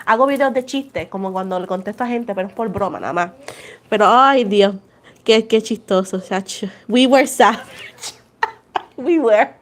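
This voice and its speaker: A woman's voice: mid-range voice, moderate pace. A Puerto Rican woman in her twenties, chatting casually on a tarot livestream, switching between English and Spanish and laughing often. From Puerto Rico. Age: 20s. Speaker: tarot reader livestream host.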